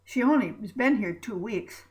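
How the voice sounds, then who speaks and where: A woman's voice: medium pitch, expressive, normal speed, darkish tone, close to an everyday voice. A woman voicing a slender, restless man prisoner who sounds doubtful, in a read-aloud story.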